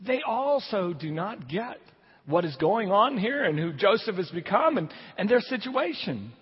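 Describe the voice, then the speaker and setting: This pastor's voice is high and husky, moving at a measured pace as he reads from scripture and unpacks it in a conversational preaching style with lively ups and downs. Captured in a church sanctuary, the audio sounds dull and lo-fi, with long reverb from the hall.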